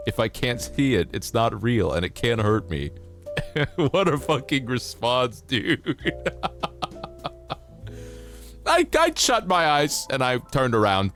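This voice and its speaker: A man's voice: medium pitch, wildly swooping pitch, slow, pauses often, fairly bright tone, soft background music. A man chatting casually on a livestream, reading out stories and joking around, laughing at himself and swearing freely.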